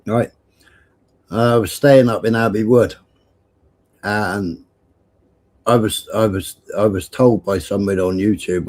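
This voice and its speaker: A man's voice: on the low side, normal speed, pauses often, a little mellow. Rambling, profane man. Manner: rambling, profane, repeats himself. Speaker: livestream host. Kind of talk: casual chat and storytelling.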